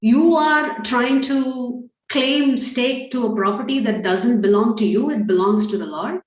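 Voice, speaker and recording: A woman's voice: on the high side, unhurried, reverberant, highs cut off, pitched above the performer's own voice, natural voice. A woman voicing an indignant male sage who speaks in a raised, rebuking tone. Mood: defiant. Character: indignant male sage defending his claim.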